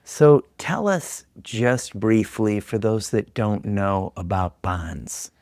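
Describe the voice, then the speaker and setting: A man's voice: on the low side, animated, slow, darkish tone, no room sound, clean studio sound. A man hosting a podcast, asking his guest short questions and giving brief acknowledgements. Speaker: podcast host. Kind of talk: interviewing a guest.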